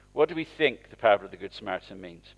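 A man's voice: on the low side, lively intonation, fast talker, vocal fry. A man preaching in church, speaking conversationally and asking the congregation questions. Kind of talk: interactive sermon.

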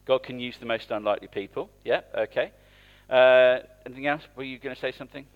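A man's voice: mid-range voice, fast, clean tone, phone-quality sound. A man preaching in church, speaking conversationally and asking the congregation questions. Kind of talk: interactive sermon.

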